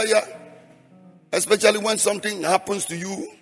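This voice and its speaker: A man's voice: a little high, moderate pace, husky. A middle-aged man preaching a sermon in a rhythmic, half-sung style. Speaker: pastor. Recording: long hall reverb, faint music behind.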